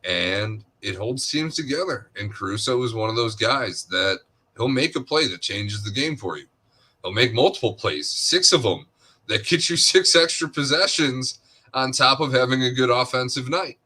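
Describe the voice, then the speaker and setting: Male co-host with a bright, forceful voice, earnest and emphatic in casual sports chat. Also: mid-range voice, lively intonation, moderate pace, husky. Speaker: podcast co-host.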